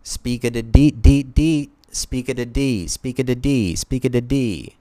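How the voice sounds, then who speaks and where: A man's voice: mid-range voice, a little slow, warm tone, pitched above the performer's own voice, close to an everyday voice. A man putting on a goofy jazzy speakeasy crooner who scats nonsense syllables in a sing-song voice. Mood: scatting.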